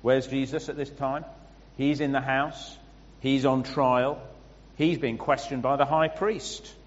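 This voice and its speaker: A man preaching a sermon, explaining scripture with pauses and restarts. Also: mid-range voice, fairly even intonation. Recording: muffled sound with long hall reverb.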